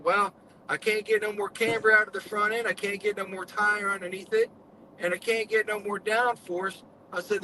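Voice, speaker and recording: A man's voice: sits high, sharp tone, a little hiss or hum, rough recording. A man earnestly telling his story in casual live-stream chat, with folksy speech.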